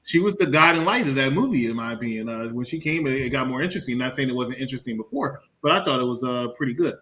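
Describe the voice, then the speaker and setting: A man co-hosting a casual movie review podcast. He talks in an animated way, laughs often and swears freely. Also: mid-range voice, quick pace. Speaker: podcast co-host.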